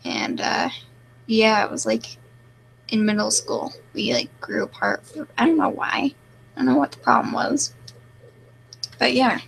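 A young woman answers viewer comments with a deadpan, self-mocking delivery. Her voice sits a little high and carries a gravelly fry. A faint hum runs under the home recording. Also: a little slow, pauses often, low-quality recording. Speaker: live streamer. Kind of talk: casual live-stream chat reading comments.

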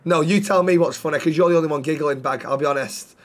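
A man's voice: a little high, quick pace. A man streaming a roleplay game, chatting casually with lots of swearing and teasing banter.

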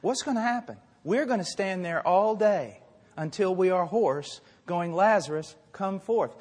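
Fervent high-voiced preacher in a big hall. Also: male voice, a little slow. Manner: fervent, swings from quiet asides to shouting. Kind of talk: sermon. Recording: long hall reverb.

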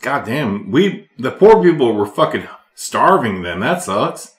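Cussing podcast host. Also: male voice, medium pitch, measured pace, roomy sound. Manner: profane, animated anecdotes. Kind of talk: casual chat, storytelling.

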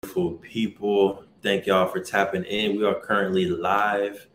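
A man's voice: fairly low pitch, flat delivery, unhurried, fairly bright tone, faint music behind. Upbeat male podcast host in an echoey room. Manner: upbeat, hype-man delivery with repeated catchphrases. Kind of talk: casual podcast chat. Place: vacation lodging abroad, indoors.

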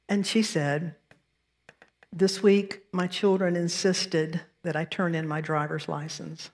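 A woman's voice: lowish voice, slow, in a large hall. A woman minister with a Southern American accent, delivering a sermon with storytelling and self-deprecating asides. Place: church sanctuary.

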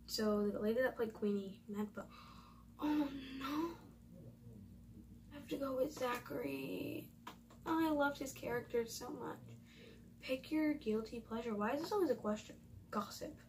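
A woman's voice: fairly high pitch, moderate pace, darkish tone, far from the mic, slight background noise, poor audio. Chatty young woman doing a quiz. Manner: chatty, thinking aloud, reading quiz options. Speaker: YouTuber. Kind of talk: casual quiz vlog.

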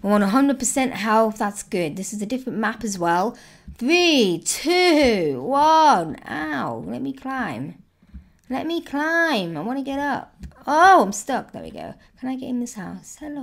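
A woman's voice: mid-range voice, a bit bright. A woman commenting on her own gameplay, exclaiming and squealing at every surprise. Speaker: gaming YouTuber. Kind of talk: excited let's-play commentary.

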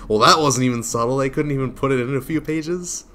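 A man giving casual gameplay commentary, swearing constantly, laughing a lot and breaking into sudden yelled outbursts. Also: mid-range voice, moderate pace, noisy background. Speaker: gaming video creator. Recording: game music playing under voice.

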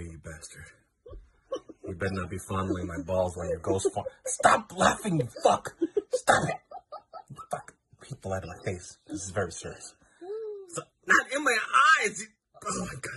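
A man delivering a mock-serious, profane comic rant in a dark room lit by a flashlight. He lurches from hushed whispers to loud outbursts. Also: low-pitched, slight background noise. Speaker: comedy video maker.

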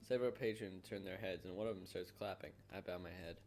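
A man's voice: deep voice, quick pace, a little mellow, faint music behind. A young man hosting a let's play, reading a dating game's text aloud in a casual way and laughing often. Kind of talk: casual gameplay commentary.

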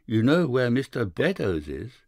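A man voicing an anxious older country gentleman in an audiobook, measured and formal. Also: mid-range voice, very animated, dry recording, studio quality. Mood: uneasy. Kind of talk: audiobook character voice.

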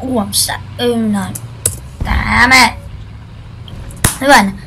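A woman's voice: on the high side, animated, slow pace, gravelly, pauses often, very noisy. A woman giving casual, jokey commentary while playing a video game, chatting and shrieking at events in the game. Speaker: gaming video creator. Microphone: computer microphone.

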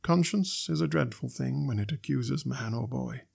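A man reading a classic novel aloud as narrator, in a measured, steady way. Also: medium pitch, vocal fry, slightly rough. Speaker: audiobook narrator. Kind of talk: scripted narration.

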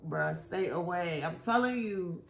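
A woman giving a casual tarot reading, animated and slangy, swearing often and repeating herself. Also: on the low side, unhurried, creaky, reverberant, slight background noise. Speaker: tarot reader.

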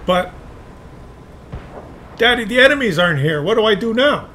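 A man voicing a small childlike player who pleads for his daddy, whiny and needy, over loud game noise. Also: high voice, lively intonation, moderate pace, pitched above the performer's own voice.

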